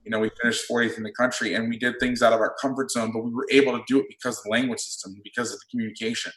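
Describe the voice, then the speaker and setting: A man who coaches football, breaking down defensive play calls in a casual chat, blunt and quick to swear. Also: mid-range voice, flat delivery, fairly bright tone. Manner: blunt, swears freely, explains plays in detail. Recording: roomy echo.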